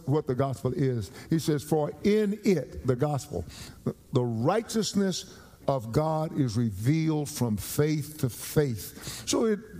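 A male pastor preaching a sermon, emphatic and repetitive, rising in pitch as he grows fervent. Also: dark tone. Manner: emphatic, repeats phrases, rises in pitch when fervent. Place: church.

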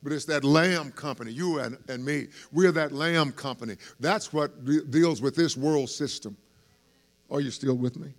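A man preaching a sermon, talking conversationally to the congregation and swelling into loud, lively emphasis. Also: a little high, moderate pace.

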